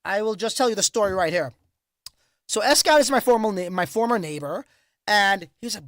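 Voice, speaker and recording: A man hosting a livestream, telling stories in casual, profane, animated chat. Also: high-pitched, fairly quick, no room sound, studio quality. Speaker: crypto livestream host.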